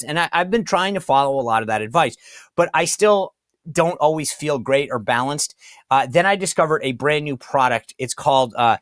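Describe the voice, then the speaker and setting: A man of middle pitch hosts a talk show in a dry, close studio sound. He chats loosely and stumbles over words as he reads ads and brings in a guest. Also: fairly quick, dry recording. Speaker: podcast host. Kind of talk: casual host talk with ad reads.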